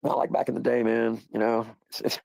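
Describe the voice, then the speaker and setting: A man's voice: mid-range voice, little pitch movement, brisk, creaky, a little mellow, no room sound, low-quality recording. A man hosting a livestream, talking in a rambling, profane, casual way and laughing often. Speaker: livestream host.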